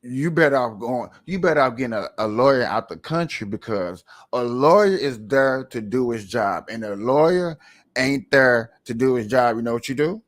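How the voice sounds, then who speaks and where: He's commentating on a livestream in a casual, lively way, tossing out repetitive rhetorical questions in heavy slang, using a mid-range voice at normal speed.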